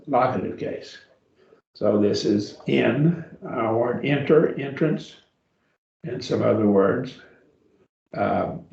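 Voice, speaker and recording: A man teaching a beginning Greek grammar class, patient and slow, sounding words out syllable by syllable for his students. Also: medium pitch, vocal fry, darkish tone, reverberant, muffled recording. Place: church classroom.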